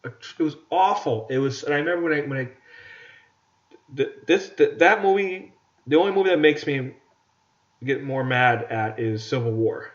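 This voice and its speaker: A man's voice: medium pitch, expressive, moderate pace. A man co-hosting a casual podcast, ranting about movies and stumbling over repeated words. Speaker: podcast co-host. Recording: dull lo-fi podcast audio.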